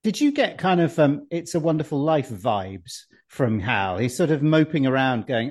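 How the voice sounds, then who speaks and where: A man's voice: mid-range voice, sing-song, moderate pace, hardly any pauses, darkish tone. A man co-hosting a casual comics podcast, chatty and rambling, often ending with tag questions. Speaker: podcast co-host. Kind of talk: casual chat about comics.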